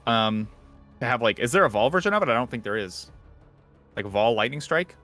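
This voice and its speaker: Male podcast host, bright voice, rambling casual gamer chat, faint music under. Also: medium pitch, fairly quick. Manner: rambling, animated, swears casually. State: out of breath.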